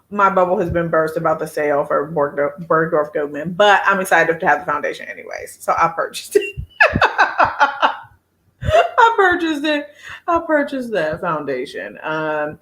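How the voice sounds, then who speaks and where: A woman's voice: sits low, a bit bright. A woman, hosting a casual beauty live chat, chatty and laughing often as she reads viewer comments.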